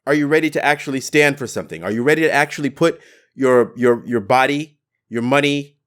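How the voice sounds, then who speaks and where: A man's voice: medium pitch, a little fast, a bit bright. A man hosting his own podcast, giving an impassioned political monologue in a blunt, fervent way, swearing now and then for emphasis. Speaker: podcast host.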